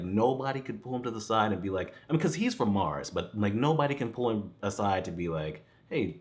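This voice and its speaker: A man giving a casual, rambling film review, laughing often and swearing freely. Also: mid-range voice. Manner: rambling, chuckling, profane. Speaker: movie reviewer.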